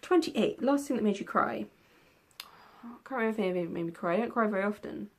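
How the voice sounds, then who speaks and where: Here a young woman who vlogs about books chats through tag questions quickly, her mid-range voice full of lively intonation. She wanders loosely from point to point, with plenty of ums and a yawn now and then.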